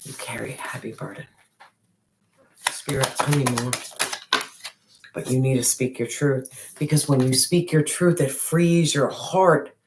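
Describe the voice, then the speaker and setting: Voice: mid-range voice, measured pace, pauses often, very noisy. A tarot reader giving a spiritual reading straight to the viewer, emphatic and repetitive, with casual slang and the odd swear.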